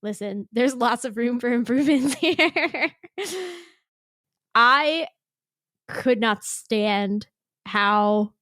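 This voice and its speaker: A woman's voice: a little high, drawn-out words, long pauses, fairly bright tone, dry recording, clean studio sound. A woman hosting a podcast in casual chat. She laughs often and acts out quotes in exaggerated voices. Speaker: podcast host.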